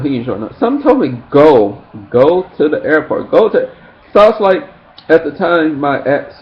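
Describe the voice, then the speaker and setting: A man telling a personal story in a casual, rambling way, acting out friends' lines in shrill high voices. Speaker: vlogger. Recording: dull lo-fi sound with faint background noise.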